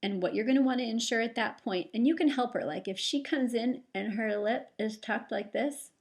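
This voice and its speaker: A woman giving casual, reassuring breastfeeding advice to camera, gentle and loose with fillers. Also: on the high side, normal speed. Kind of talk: casual instructional talk to camera.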